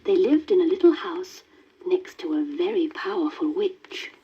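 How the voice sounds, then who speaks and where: A woman reading a children's storybook aloud in a gentle, lilting manner. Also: fairly low pitch, sing-song, normal speed. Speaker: story reader. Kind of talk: scripted storybook narration. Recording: dull worn vinyl record with faint hiss.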